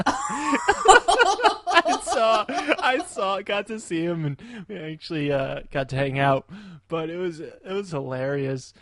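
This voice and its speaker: A man's voice: high-pitched, big pitch swings, slow, sharp tone, no echo, clean studio sound. A young man co-hosting a podcast, telling rambling travel stories in casual chat and laughing often. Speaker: podcast co-host.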